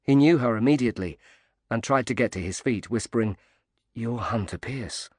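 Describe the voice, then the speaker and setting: A man giving measured, subdued scripted narration of a thriller audiobook. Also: mid-range voice, darkish tone, dry recording, studio quality.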